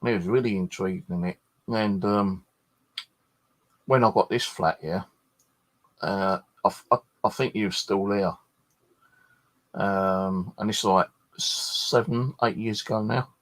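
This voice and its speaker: Tired bloke, low-pitched, rambling casual chat full of swearing and restarts. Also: male voice, steady tone, a little slow, long pauses. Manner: swears freely, meandering with many restarts. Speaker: ghost hunter chatting with livestream viewers.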